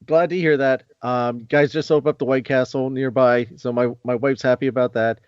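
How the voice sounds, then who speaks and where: A man's voice: mid-range voice, steady tone, fairly quick, darkish tone, clear, resonant tone, dry recording, lo-fi sound. Hesitant podcast host man, dry sound. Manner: hesitant, lots of ums. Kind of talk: casual podcast interview.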